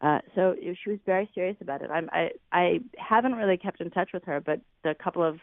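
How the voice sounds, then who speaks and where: A woman's voice: fairly low pitch, fast talker, no echo. Female guest musician, rambling speech, tinny phone-call sound. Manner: rambling, searching for words. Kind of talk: casual interview chat.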